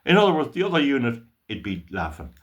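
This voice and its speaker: A man's voice: medium pitch, big pitch swings, quick pace, a bit bright, muffled recording. An older Irish man and channel host telling a story in a casual, playful way, with mock drama and stammered repeats. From Ireland.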